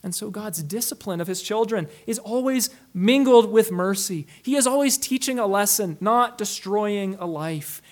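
Delivering a sermon with earnest emphasis, a male pastor alternates between loud, stressed moments and quiet, low dips. He slows down whenever he reaches key phrases.

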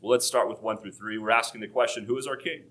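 A male pastor preaching an expository sermon, slowing down to stress key points, with touches of dry humor. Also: fairly low pitch, fairly even intonation, fairly bright tone.

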